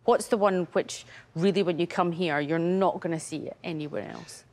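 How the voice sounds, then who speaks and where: A woman's voice: on the low side, fairly even intonation, normal speed, darkish tone. A woman with a Glaswegian accent presenting on location in a car museum, chatty and jokey.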